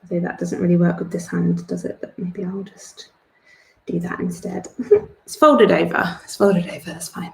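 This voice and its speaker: A young woman chats her way through a drawing tutorial, rambling and self-deprecating as she works. Her voice sits low and has a gravelly, creaky edge. The room around her sounds echoey. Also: steady tone, moderate pace, a little mellow. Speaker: art club host.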